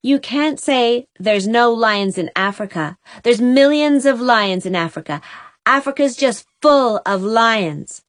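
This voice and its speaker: A woman's voice: on the high side, expressive, takes it slowly, no room sound, studio quality, pitched above the performer's own voice. A woman voicing an indignant, sulky young boy who talks back with defiant outbursts.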